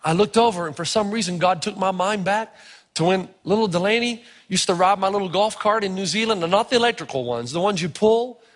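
A middle-aged man preaching a sermon, telling stories with animated, sometimes shouted emphasis. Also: high voice, a little fast. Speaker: pastor. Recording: long reverb of a large hall.

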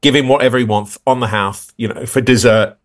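A man's voice: mid-range voice, steady tone, a little fast, natural voice. A man doing an impression of a chatty celebrity chef, in breezy, matey phone patter. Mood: cheeky.

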